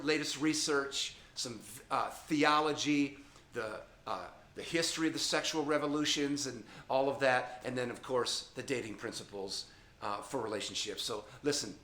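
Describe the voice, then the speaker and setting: A man's voice: medium pitch, a bit bright, roomy sound. A middle-aged man teaching young people about dating in an emphatic, repetitive way, often checking in with "okay?". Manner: emphatic, repetitive, addresses listeners directly with frequent "okay?". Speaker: youth ministry speaker. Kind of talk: informal teaching talk to a camera.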